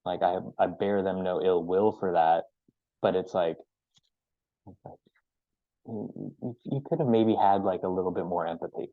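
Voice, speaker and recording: A young man in an interview, reflecting on his school years in a halting, filler-heavy way. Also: sits low, dry recording. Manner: halting, many fillers and restarts. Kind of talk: reflective casual talk. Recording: dull dry lo-fi audio.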